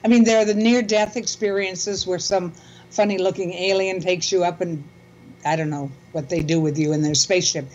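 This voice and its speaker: Older woman, calm and muffled. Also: on the low side, moderate pace, a little hiss or hum. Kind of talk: casual conversation.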